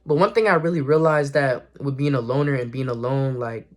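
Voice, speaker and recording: A young man vlogs casual spiritual encouragement straight to camera in a motivational talk, earnest and slangy, often repeating and correcting himself. His voice is mid-range and fairly quick.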